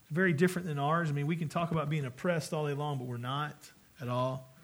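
A man's voice: a little high, steady tone, fast talker. A man preaching a sermon as pastor, earnest and conversational, with frequent restarts.

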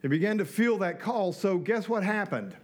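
A man's voice: high-pitched, expressive, moderate pace. A middle-aged man preaching a sermon in a conversational way, with rhetorical questions and joking asides. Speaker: pastor.

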